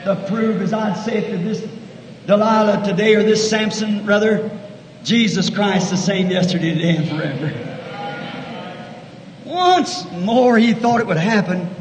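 A man with a very high, ringing voice preaches a fervent sermon in a large church. He swings between shouted peaks and quiet, intimate asides. The old recording carries a long hall reverb and a faint hiss underneath. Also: a little slow.

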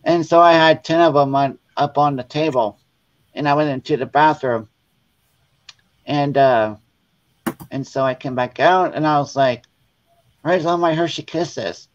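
Animated man telling stories, dull lo-fi sound. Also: a little high, measured pace, long pauses. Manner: animated, acts out quoted voices. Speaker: guest. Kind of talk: casual storytelling.

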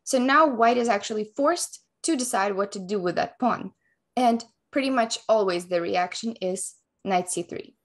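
Woman calmly explaining chess moves. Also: medium pitch, moderate pace. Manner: calm, methodical explanation of moves. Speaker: chess coach.

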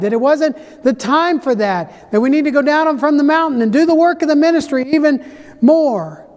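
A male pastor preaching a sermon, telling the story dramatically and swinging between loud peaks and hushed low passages. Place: church sanctuary. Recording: church hall reverb.

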